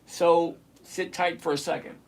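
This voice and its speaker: A man's voice: a little high, little pitch movement, measured pace. A man hosting a live trading stream, chatting with viewers by name and teasing them as he walks through option math. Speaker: livestream trading show host. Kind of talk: live-stream chat answering viewer comments.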